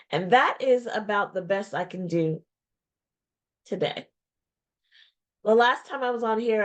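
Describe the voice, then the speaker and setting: A woman in her forties speaks candidly to her viewers through a webcam microphone. She takes her time, pausing and circling back to repeat key phrases. Her voice sits at an ordinary middle pitch. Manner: reflective and heartfelt, with pauses and repeated phrases. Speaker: small business owner and vlogger. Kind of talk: candid personal vlog talk. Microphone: webcam or video-call mic.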